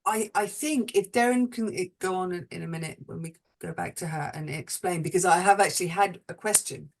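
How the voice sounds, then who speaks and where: A woman's voice: fairly low pitch, creaky. Hesitant woman hosting a panel talk. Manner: halting, many restarts, laughs at herself. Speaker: host. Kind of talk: online panel discussion.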